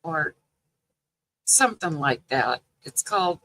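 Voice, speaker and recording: An older woman chatting casually with viewers on a livestream, telling family stories in a slow, rambling way with lots of "you know" and laughter. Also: deep voice, lively intonation, sharp tone, a little hiss or hum, rough recording. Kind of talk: casual live chat.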